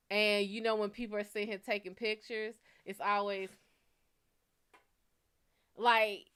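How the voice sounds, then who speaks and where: A woman's voice: mid-range voice, smooth. A woman hosting a live show, casually telling a blunt, profane dating story and acting out the quoted lines. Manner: candid, profane, animated storytelling with quoted dialogue. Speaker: psychic reader host.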